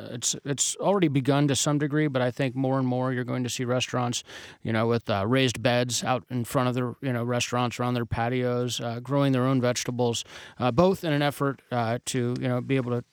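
A man's voice: medium pitch, little pitch movement, fairly quick, few pauses, clear, resonant tone, no room sound. A man reviewing restaurants on a radio panel, speaking hesitantly with many fillers. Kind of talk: casual radio panel chat.

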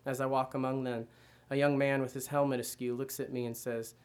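A man reads his own literary fiction aloud in the first person. His delivery is measured and even, with very little rise and fall in his middle-pitched voice. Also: clean tone. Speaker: reader.

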